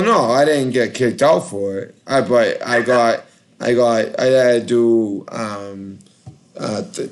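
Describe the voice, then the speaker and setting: A man from Boston with a Boston accent, rambling in casual call-in chat, halting and full of fillers. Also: medium pitch. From Boston, Massachusetts.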